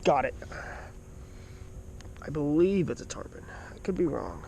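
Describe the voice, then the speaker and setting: A man filming his own fishing trip from a small boat, muttering quietly while he waits and shouting in excited bursts when fish strike. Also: on the high side, unhurried, gravelly, slight background noise. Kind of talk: casual fishing vlog commentary.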